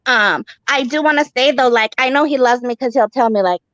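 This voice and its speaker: A woman's voice: a little high, brisk, a bit bright, no room sound, highs cut off. A young woman doing a stand-up set, profane, rambling and brash. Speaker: stand-up comic.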